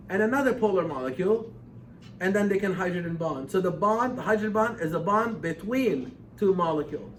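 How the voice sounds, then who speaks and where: A man with a high voice lectures a chemistry class, pressing his points with emphatic, animated repetition. He is picked up from across an echoey classroom, so he sounds roomy and distant over faint background ambience. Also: a little hiss or hum. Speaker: chemistry teacher.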